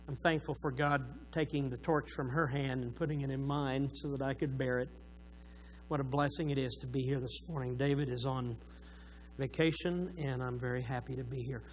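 Middle-aged male pastor, Oklahoma southern accent, raised pitch, jovial but sincere; pulpit mic in a church sanctuary. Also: a little hiss or hum, low-quality recording. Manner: warm joking asides, earnest about faith. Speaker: retired pastor, guest preacher. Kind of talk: church greeting and sermon introduction.

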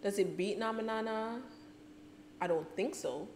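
A woman's voice: medium pitch, unhurried, a little hiss or hum. A woman making a casual music reaction vlog, teary and gushing, talking back at the screen in exasperation. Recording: music playing loudly behind her voice.

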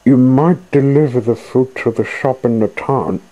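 A man's voice: mid-range voice, measured pace, mellow, pitched above the performer's own voice, natural voice, rough recording. A man voicing a welcoming male ferry boat in a children's story. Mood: friendly.

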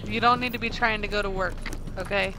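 A woman with a mid-range voice plays a co-op shooter on stream, teasing her friends and calling out targets. Gunfire and game noise fill the background. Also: mid-range voice. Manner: playful, teasing, calls out plays. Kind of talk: casual gaming chat.

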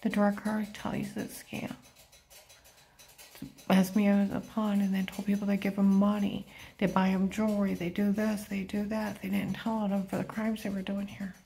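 A woman's voice: medium pitch, level tone, normal speed, creaky, dark tone. Woman in an urgent monologue, dropping to whispers. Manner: drops often into an unvoiced whisper. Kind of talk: rambling spoken monologue.

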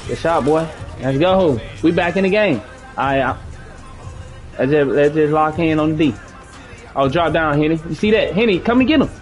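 Slangy gamer man, lively pitch. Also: moderate pace, soft background music. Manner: coaching and scolding teammates, slangy and profane. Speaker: gaming streamer. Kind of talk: live gameplay chat with teammates.

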